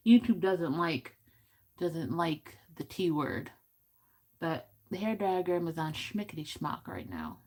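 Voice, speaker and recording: A woman's voice: deep voice, sing-song, slow, a little mellow. Chatty giggly woman vlogging makeup. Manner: chatty, giggly, goofy asides. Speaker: beauty vlogger. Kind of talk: casual makeup tutorial chat. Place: home room.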